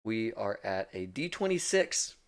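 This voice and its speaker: Going through the giveaway list during a charity game stream, a man chats warmly and laughs often. His voice is on the low side and sing-song, with an unhurried pace.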